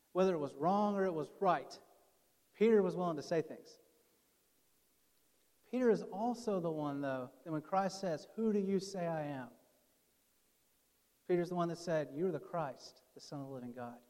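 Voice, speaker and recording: A man's voice: high voice, a little mellow. A man preaching a conversational sermon as pastor, acting out the quoted speakers in his story. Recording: long hall reverb.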